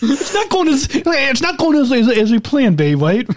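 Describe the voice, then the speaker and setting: A man's voice: very high voice, very animated, normal speed, dry recording. A man co-hosting a podcast in casual chat, joking and laughing often. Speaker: podcast co-host.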